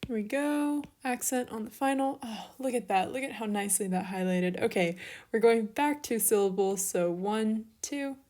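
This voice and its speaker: A woman's voice: a little high, normal speed, a little mellow. A young woman teaching an online lesson, working through steps methodically and talking herself through small mix-ups.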